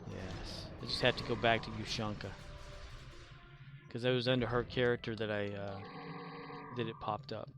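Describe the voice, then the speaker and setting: A man's voice: on the low side, steady tone, normal speed, pauses often. A man casually chatting on a game stream, rambling, muttering and humming along while he plays. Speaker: livestreamer. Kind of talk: casual gaming stream chat. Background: music playing.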